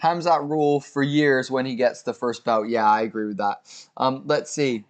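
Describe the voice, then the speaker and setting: Reading the chat aloud on a casual watch-along livestream, this young American co-host responds to viewers with curses and abrupt, exasperated squeals. He speaks at normal speed in a steady, mid-range voice.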